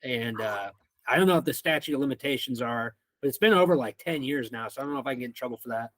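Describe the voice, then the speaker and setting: A young man from Missouri telling a rowdy school story as a podcast guest, animated and swearing freely. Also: medium pitch, quick pace, no room sound. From Missouri, United States. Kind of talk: casual storytelling.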